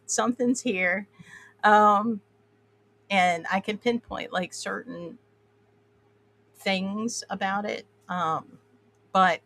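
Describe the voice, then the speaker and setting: A woman's voice: on the low side, fairly bright tone, a little hiss or hum. Chatty Appalachian woman, rambling. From Appalachian Mountains, USA. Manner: rambling, filler-heavy, laughs often. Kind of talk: casual chat.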